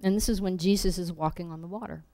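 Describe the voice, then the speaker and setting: A woman teaching a Bible lesson, reading verses aloud and acting out the quoted lines with animated emphasis. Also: lowish voice, fast talker. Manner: animated, acts out scripture quotes.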